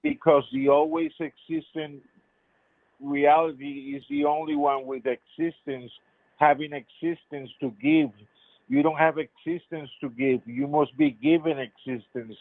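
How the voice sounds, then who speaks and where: A man's voice: on the high side, unhurried, creaky. Insistent fifties man on a tinny phone line. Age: 50s. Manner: insistent, repeats his points in circles. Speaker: caller. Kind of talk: live call-in debate.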